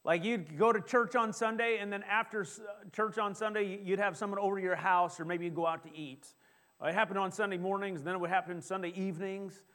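A middle-aged male pastor preaching a sermon in a church, lively and joking, often asking the congregation questions. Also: high-pitched, fast. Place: church sanctuary.

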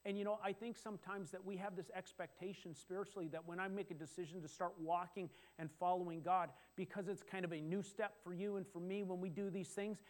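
A middle-aged man preaching a sermon, talking in a conversational way with restarts and sudden excited exclamations. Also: high-pitched, brisk, few pauses. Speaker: pastor.

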